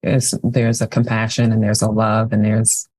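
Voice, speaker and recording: A woman's voice: a bass voice, monotone, darkish tone, slightly rough, dry recording. A woman talking reflectively in a casual podcast conversation, often restarting her sentences. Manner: reflective, halting, many restarts.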